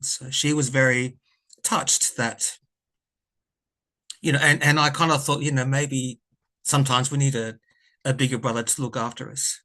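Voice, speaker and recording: A man talks straight to his viewers in a loose, heartfelt storytelling way. He rambles, restarts and corrects himself, and lets his feelings show. His voice sits at an ordinary middle pitch for a man. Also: level tone, normal speed, long pauses, sharp tone. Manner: rambling, self-correcting, earnest and emotional. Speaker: tarot reader and vlogger. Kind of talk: casual storytelling to camera.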